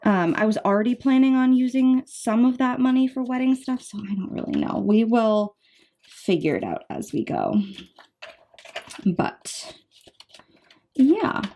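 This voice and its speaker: A woman in her twenties, a budgeting vlogger, chatting casually and counting bills aloud in quick runs. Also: a little high, very animated, dark tone. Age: 20s. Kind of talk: casual chat while counting cash.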